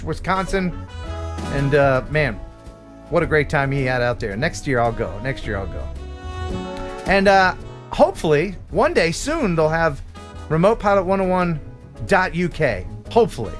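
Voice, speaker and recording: An American man hosting a live stream, telling puns and reading sponsor plugs in a jokey, animated way. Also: fairly high pitch, moderate pace, faint music behind. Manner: animated, punning, jokey delivery. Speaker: host. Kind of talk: live stream chat with jokes and sponsor reads.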